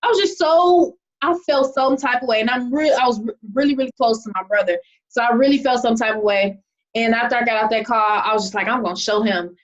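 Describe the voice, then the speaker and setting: This online marketing presenter, a young adult woman, talks fast in a fairly high voice. Her casual video call presentation is chatty and peppered with "okay?", and the video call microphone leaves the sound muffled.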